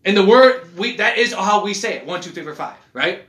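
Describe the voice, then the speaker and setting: A man rambles through casual chat in a bright, high voice that swoops up and down. He talks in an animated way and swears a lot. The room rings with echo. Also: a little fast. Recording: echoey room.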